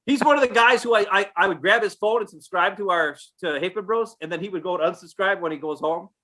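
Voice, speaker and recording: A man's voice: sits high, fast, pushed and bright. A man co-hosting a live podcast, telling rambling blunt stories in casual chat. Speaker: co-host.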